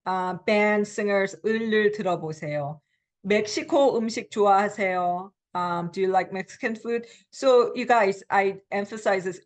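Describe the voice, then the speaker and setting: A middle-aged woman teaching a recorded language lecture, patiently explaining with frequent ums, alternating slow English with quick example phrases. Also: medium pitch. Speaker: Korean language instructor.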